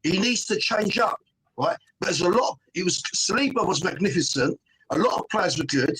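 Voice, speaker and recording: A man's voice: high-pitched, lively intonation, normal speed, sharp tone, slightly rough. A middle-aged man, a guest on a fan panel, arguing emphatically in casual chat, forever tossing in "mate" and "right?". He is joining over a phone call.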